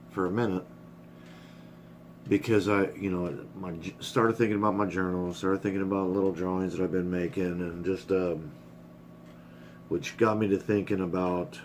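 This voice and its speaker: A man's voice: deep voice, fairly even intonation, moderate pace, a little hiss or hum. A middle-aged man rambling candidly in a casual personal vlog, swearing freely and getting choked up. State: emotional, choked up. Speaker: vlogger.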